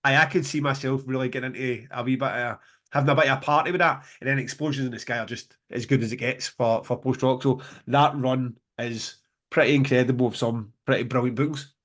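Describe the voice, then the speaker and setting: A man's voice: mid-range voice, fairly even intonation, quick pace, a bit bright. A man co-hosting a podcast, chatting enthusiastically and rambling with many restarts. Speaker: podcast co-host, festival promoter. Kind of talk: casual chat.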